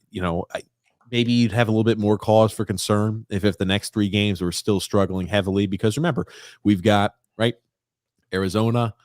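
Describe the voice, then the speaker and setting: Male host, quick, low, dry close sound, relaxed call-in banter. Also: dry recording. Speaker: podcast host. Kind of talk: casual sports call-in chat.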